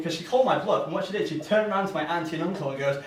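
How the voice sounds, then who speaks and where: A man's voice: fairly high pitch, rapid-fire, slight background noise. A young man doing a live stand-up set, rambling and self-deprecating, full of fillers. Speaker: stand-up comedian. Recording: echoey room, mic from far off.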